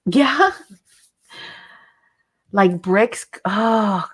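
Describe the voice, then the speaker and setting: A woman at a middle pitch hosts a relaxed craft livestream. She chats freely, laughs often and greets her viewers by name as they join. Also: slow pace, long pauses. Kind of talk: casual livestream chat.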